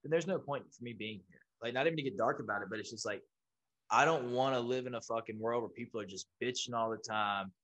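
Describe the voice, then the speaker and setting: A man's voice: mid-range voice, fast, fairly bright tone. A man hosting a podcast from home, chatting casually, swearing freely and calling his guest "bro". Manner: laid-back, swears freely, says "bro" a lot. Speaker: podcast host. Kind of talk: casual chat.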